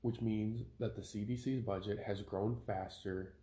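Low-voiced guy ranting on his podcast, roomy echoey sound. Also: steady tone, measured pace, warm tone. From Minnesota. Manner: opinionated, ranting, self-correcting. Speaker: podcast host. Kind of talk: casual podcast commentary, reading an article aloud. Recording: roomy home podcast recording.

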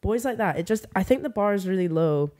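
A young woman, a podcast guest chatting casually and telling animated, sarcastic stories. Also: mid-range voice, fast talker. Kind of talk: casual chat.

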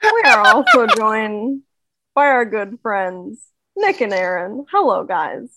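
A woman co-hosting a podcast over a video call, greeting listeners with upbeat, teasing banter. Her voice sits high and sounds bright and forward. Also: big pitch swings, slow, slight background noise. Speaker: podcast co-host. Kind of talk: casual chat.

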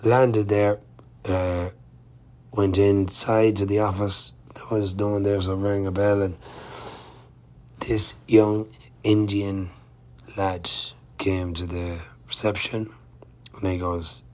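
Male cyclist vlogger, low flat delivery, rambling casual diary talk. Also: takes it slowly, pauses often. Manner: rambling and chatty, with many fillers and restarts. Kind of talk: casual travel-diary narration.

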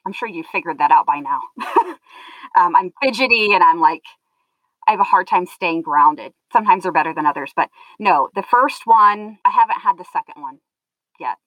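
Earnest woman guest, low voice, explains at length, dull dry recording. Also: expressive, normal speed, no room sound. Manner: earnest, explanatory, loops back mid-thought. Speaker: guest sharing her story. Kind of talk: conversational interview. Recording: dull lo-fi sound.

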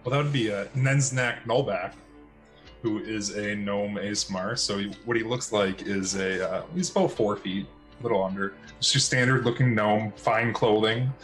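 Laid-back man with a lowish voice. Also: moderate pace, fairly bright tone, faint music behind. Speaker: player. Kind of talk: casual tabletop game play.

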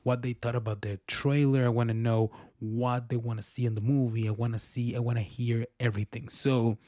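A man's voice: mid-range voice, level tone, a little fast, mellow, no room sound. Rambling male podcast host, dry sound. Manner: rambling, self-correcting, laughs at himself. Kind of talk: casual solo podcast chat.

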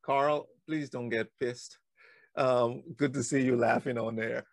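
A man hosting a podcast, telling a childhood story in a rambling way with quick laughs. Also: mid-range voice, steady tone, no echo. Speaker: podcast host. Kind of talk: casual conversation.

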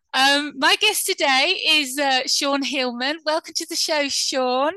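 Woman podcast host, high bright voice, dry close sound, chatty with fillers. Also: slow pace, no room sound. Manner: chatty, laughs often, many fillers. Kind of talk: casual interview chat.

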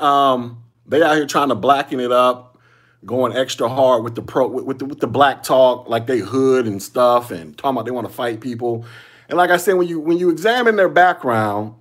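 A man hosting a solo podcast, giving casual commentary in loose slangy talk, repeating himself and chuckling often. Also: mid-range voice. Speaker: podcast host.

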